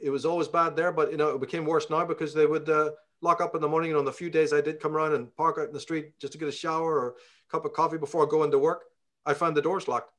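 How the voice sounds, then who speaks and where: A man's voice: fairly high pitch, flat delivery, quick pace, a bit bright. Profane, ranting man with a Belfast accent. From Northern Ireland. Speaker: interview guest. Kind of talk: storytelling in conversation.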